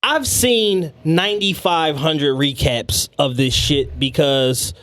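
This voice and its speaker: High-voiced man laying out his take. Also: fairly bright tone. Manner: measured, breaking down an argument point by point. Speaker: podcast co-host. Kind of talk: casual podcast chat.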